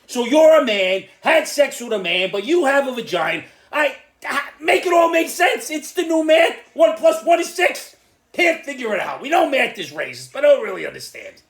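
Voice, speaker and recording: An older speaker with an Irish accent giving an angry, exasperated opinion monologue, sometimes breaking into shouts. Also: high voice, sing-song, normal speed. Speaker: commentator.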